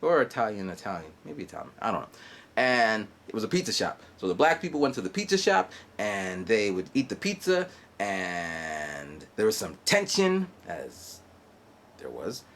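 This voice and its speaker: A man in his forties vlogs from a guest house in Japan in a rambling monologue, his fairly low voice carrying vocal fry over a little hiss or hum. He's animated but halting and digressive, using fillers and mouth sound effects as he tells his story.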